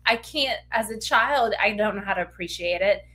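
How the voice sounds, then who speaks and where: A woman's voice: medium pitch, normal speed, sharp tone. A woman in her thirties co-hosting a podcast, talking in an earnest, reflective way with lots of "like". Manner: earnest, reflective, filler-heavy talk. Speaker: podcast co-host. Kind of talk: casual podcast chat.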